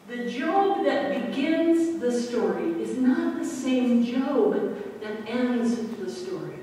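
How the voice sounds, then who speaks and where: A woman pastor giving a sermon, expressive, moving between quiet passages and loud emphasis. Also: a little high, takes it slowly, slight background noise. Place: church sanctuary. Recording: echoey church hall from far off.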